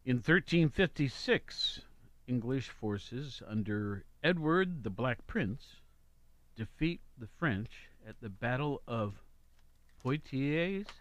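A man's voice: mid-range voice, animated, slow pace, no echo. A man hosts a local radio show, chatting his way through notes and adding offhand remarks. His voice sits in the middle range and sounds dry and close to the mic. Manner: chatty, reads weather and history notes with asides. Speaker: radio host. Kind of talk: casual radio chat.

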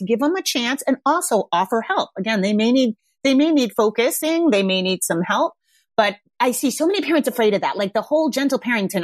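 A woman's voice: on the high side, lively intonation, fairly quick, a little mellow, dry recording. A woman parenting coach hosting a podcast in a casual monologue, speaking frankly and emphatically and swearing freely. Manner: acts out parents' voices when quoting them.

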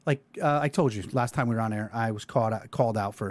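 A man's voice: on the low side, fast. A man hosting a casual talk show, ranting loosely with plenty of swearing. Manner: animated, swearing, rambling rant. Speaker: podcast host.

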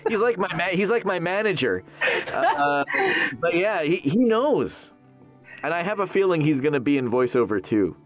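A man in his thirties who works as a voice actor, chatting casually in an interview, animated and jokey, laughing often. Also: high-pitched, normal speed, soft background music.

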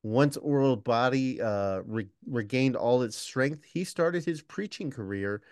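A man's voice: mid-range voice, lively intonation, a little slow, darkish tone, dry recording, studio quality. Man reading a story between jokes. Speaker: podcast co-host reading the script. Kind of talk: casual comedic storytelling.

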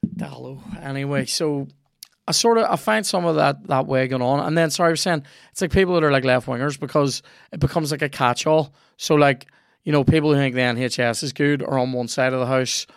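A man hosts a podcast while playing a video game, cursing openly and calling out reactions to the match in relaxed conversation. He speaks briskly in a gravelly, mid-pitched voice. The audio is close, dry, and echo-free.

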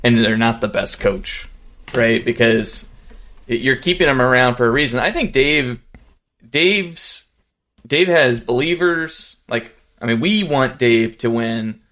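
A man's voice: mid-range voice, a little slow. A man co-hosting a casual sports podcast, telling stories animatedly and mimicking people he quotes. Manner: animated storytelling, mimics others. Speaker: podcast co-host.

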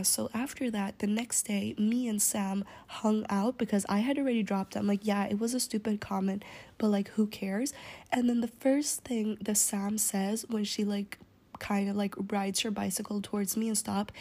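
A woman's voice: medium pitch, warm tone. A young woman telling a story in a casual, rambling way, often slipping into an unvoiced whisper, swearing and using lots of fillers.

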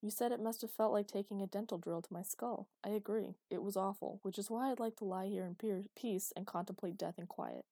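A woman reading the lines of a tired, affectionate young man who teases gently, in a storybook reading. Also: medium pitch, a little fast, hardly any pauses, no room sound, studio quality, natural voice. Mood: weary. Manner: wry and gently teasing. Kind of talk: audiobook character voice.

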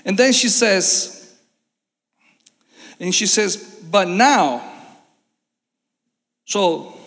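A male pastor with a fairly high voice delivers a live-streamed sermon, earnest and repetitive. He stacks phrases to build emphasis. The sound carries a long reverb, like a large hall. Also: extremely slow, creaky, a bit bright.

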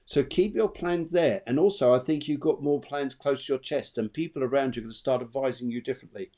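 A man co-hosting a live online show gives a chatty, rambling tarot reading, repeating his phrases. His voice is mid-range, brisk and mellow.

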